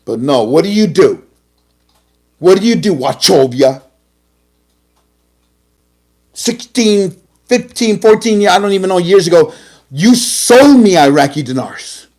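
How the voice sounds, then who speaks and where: Animated man telling a story. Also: sits high, moderate pace. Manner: animated storytelling, acts out both sides of conversations. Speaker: host. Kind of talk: casual ranting talk show.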